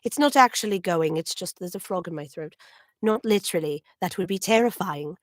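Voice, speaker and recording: A woman's voice: lowish voice, animated, a little fast. A woman chats with her stream viewers while sketching at home. Her voice swings up and down a lot, and she sounds courteous and a little old-fashioned in her wording. The sound is dry, with no room echo. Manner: polite, slightly formal wording; chatty, with frequent little laughs and throat clearing. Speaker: voice actor hosting a livestream signing. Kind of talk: casual livestream chat.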